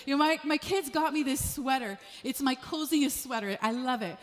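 A middle-aged woman pastor preaching a sermon, telling stories in an animated way that swings from quiet asides to raised emphasis. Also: high voice, moderate pace. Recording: long hall reverb.

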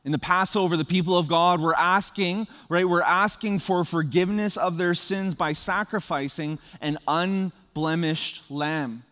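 A man preaching a sermon as pastor, animated and playful, laughing at his own jokes. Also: high-pitched, measured pace, few pauses, big-room sound.

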